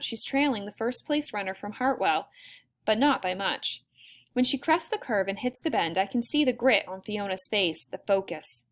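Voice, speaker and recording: A woman narrating a first-person novel as an audiobook, in an expressive way. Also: medium pitch.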